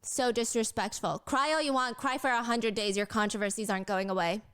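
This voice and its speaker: A woman hosting a commentary show, narrating a story and reading out comments in a brisk, pointed, incredulous way. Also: on the high side, steady tone, a bit bright, clean tone. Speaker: commentary podcast host. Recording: played back inside a reaction video.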